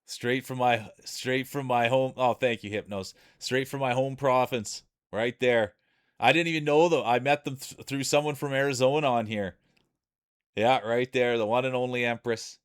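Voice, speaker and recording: A man's voice: mid-range voice, steady tone, normal speed, clear, resonant tone. A man with a Canadian accent giving chatty play-by-play commentary on a live stream. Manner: chatty play-by-play with frequent laughs.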